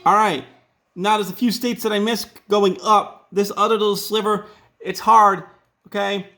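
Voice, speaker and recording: A man's voice: sits high, flat delivery, moderate pace, pushed and bright. A man with a Rhode Island accent teaching a casual classroom lesson, chatty and full of joking asides.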